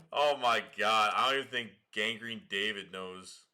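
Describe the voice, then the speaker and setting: Man, casual livestream host, lowish and very sharp tone, slangy and excitable. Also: measured pace, smooth. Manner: slangy, excitable, swears and laughs often.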